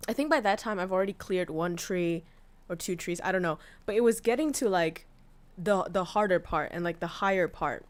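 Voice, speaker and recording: A woman VTuber streamer tells a story in casual chat, candid and profane, full of fillers and restarts. She is tearful and her voice breaks, her pitch medium and her pace moderate.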